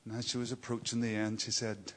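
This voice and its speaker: A man preaching a sermon, dropping to hushed whispers and rising to loud, emphatic cries. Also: fairly low pitch, monotone, a little fast.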